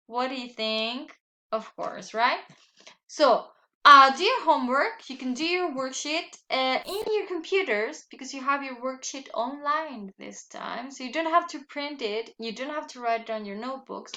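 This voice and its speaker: A woman's voice: high-pitched, pushed and bright. A woman teaching a recorded lesson for children, patient, repeating and asking her pupils questions.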